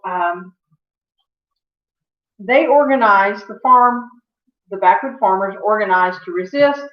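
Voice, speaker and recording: A woman giving a history lecture as a teacher, conversational, with fillers and self-corrections. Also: mid-range voice. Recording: echoey, dull lo-fi room sound.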